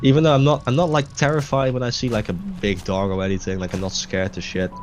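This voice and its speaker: A young man with a low, deep voice talks over his gameplay in loose, rambling bursts, swearing freely and restarting his sentences. Game music plays clearly underneath him. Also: flat delivery, fast talker, darkish tone. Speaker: gaming video host. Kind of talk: casual chat over gameplay. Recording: music playing clearly behind voice.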